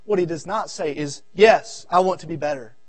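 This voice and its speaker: A man with a Southern American accent preaching a revival sermon, swinging from shouted appeals to low murmurs and repeating his phrases. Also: normal speed, no room sound. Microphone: audio recording of a church service.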